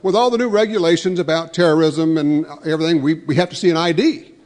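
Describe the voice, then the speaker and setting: A woman's voice: sits low, fast talker, a little mellow, close to an everyday voice. A man voicing a polite, by-the-book female bank teller in a joke, told in a reverberant banquet hall. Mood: politely insistent.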